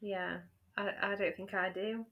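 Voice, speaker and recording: Chatting casually as a podcast co-host, a woman from Yorkshire, England, with a faint regional accent, wanders through her talk with frequent fillers and restarts. Her medium-pitched voice stays steady and a little slow, and the audio sounds dull.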